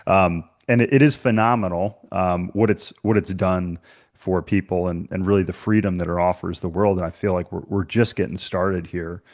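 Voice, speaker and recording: A man's voice: deep voice, steady tone, moderate pace, darkish tone. A man hosting a podcast interview, telling stories in a chatty way with lots of fillers. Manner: chatty storyteller, many "you know" fillers. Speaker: podcast host. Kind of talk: casual interview chat.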